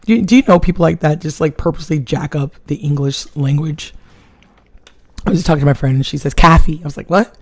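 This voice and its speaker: A woman from Connecticut with a local accent, hosting a live stream on her phone and talking in an animated, opinionated, chatty way with her viewers. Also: low voice, fast talker. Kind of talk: casual live-stream talk.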